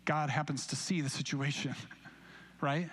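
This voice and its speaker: High-voiced man preaching a sermon. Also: fairly even intonation, measured pace, fairly bright tone. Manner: conversational storytelling with acted-out quotes. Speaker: pastor. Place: church sanctuary, recorded live.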